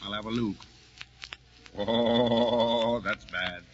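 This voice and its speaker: A man's voice: lowish voice, steady tone, extremely slow. An actor playing a pompous, grumbling working-class husband who lectures his wife, in 1940s radio acting. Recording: muffled 1940 radio broadcast with hiss.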